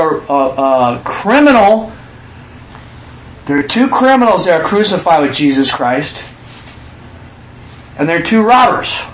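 High-voiced, animated male preacher. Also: echoey room. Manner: animated, acts out quotes with sudden shouts. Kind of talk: sermon.

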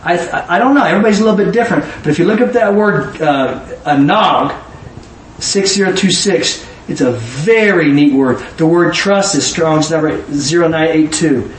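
High-voiced man preaching in an echoey room. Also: normal speed. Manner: animated, swings from low musing to high emotional exclamations. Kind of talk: informal Bible teaching. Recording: echoey room, mic at a distance, faint ambient noise.

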